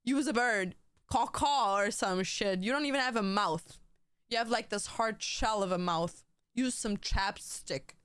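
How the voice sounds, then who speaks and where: Young woman streamer, casual profane banter, smooth clear voice, dry close sound. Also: mid-range voice, measured pace, fairly bright tone, dry recording. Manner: rambling, profane, jokey banter. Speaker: livestreamer. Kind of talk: casual livestream chat.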